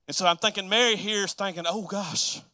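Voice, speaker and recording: A man preaching a sermon, chatty and laughing, acting out Bible figures in quick voices. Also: sits high, steady tone, bright, forceful tone, no room sound.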